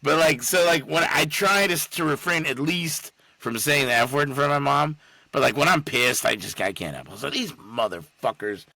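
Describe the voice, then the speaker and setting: Gravelly man chatting casually. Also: mid-range voice, moderate pace, pushed and bright, no echo. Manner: casual, swears freely. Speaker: podcast co-host. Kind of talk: casual chat.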